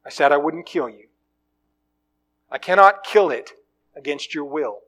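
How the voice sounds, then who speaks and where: A man voicing an angel, speaking calmly and firmly. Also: fairly high pitch, measured pace. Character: calm, firm burning angel.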